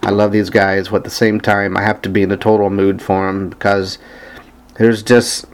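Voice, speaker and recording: A man's voice: on the low side, flat delivery, normal speed. A man casually talking about a band he loves, hesitant and earnest, with many ums and restarts as he searches for songs. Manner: earnest, enthusiastic fan. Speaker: vlogger discussing a band's music. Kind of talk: casual rambling talk, reading lyrics aloud.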